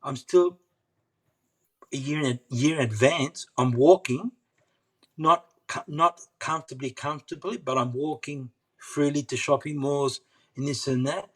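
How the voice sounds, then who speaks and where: A man's voice: on the high side, fairly even intonation, unhurried, a bit bright. A middle-aged man, an interview guest, telling a personal story earnestly and often repeating himself. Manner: earnest, persistent, repeats phrases.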